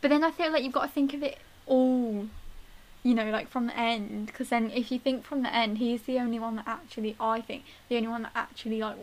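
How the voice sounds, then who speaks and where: A young woman with a slightly high voice, chatting casually with a friend. She sounds relaxed, answering with quick agreement. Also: low-quality recording. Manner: relaxed, laughs easily, quick agreeing replies. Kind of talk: casual chat.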